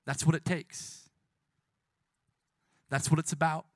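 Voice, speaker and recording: A man preaching a sermon as a youth pastor and closing in prayer. His delivery is impassioned, swinging from soft hushed lines to loud emphatic ones, with casual self-correcting asides. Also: on the high side, flat delivery, slow, dry recording, clean studio sound.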